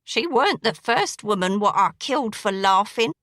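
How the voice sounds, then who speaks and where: A woman voicing a menacing crippled male dressmaker who killed women, speaking slowly in a coarse dialect. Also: mid-range voice, lively intonation, a bit bright, no room sound, clean studio sound, lightly acted. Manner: slow, brooding, coarse dialect.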